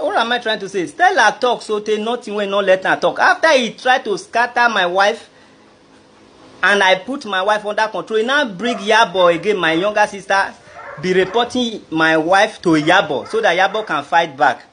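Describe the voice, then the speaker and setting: A man's voice: sits high, animated, moderate pace, a bit bright, slight background noise. A man with a Nigerian Pidgin English accent telling a personal grievance to camera in a rambling, indignant way. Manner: indignant, rambling, addresses the listener directly. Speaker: vlogger. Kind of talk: aggrieved personal storytelling to camera.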